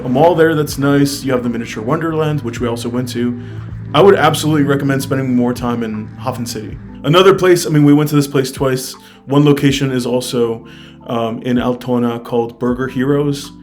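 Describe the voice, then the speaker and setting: American dude rambling about a trip, says like a lot, super into it, soft guitar music under him. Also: male voice, medium pitch, a little fast. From United States. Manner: chatty, fills speech with "like" and "I mean"; enthusiastic, recommends things directly to viewers. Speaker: travel vlogger. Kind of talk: casual travel review talk. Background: faint guitar music.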